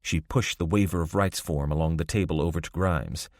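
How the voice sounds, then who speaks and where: A man narrating a crime novel audiobook in a measured, scripted style. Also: very deep voice, a little mellow, dry recording, studio quality.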